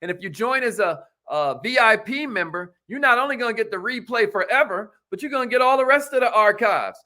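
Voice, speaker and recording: A man's voice: sits high, fairly quick, hardly any pauses. A man hosting a live sales coaching class, chanting catchphrases over and over, calling out viewers by name and leading them in affirmations. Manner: energetic, repetitive, calls out viewers by name and leads affirmations.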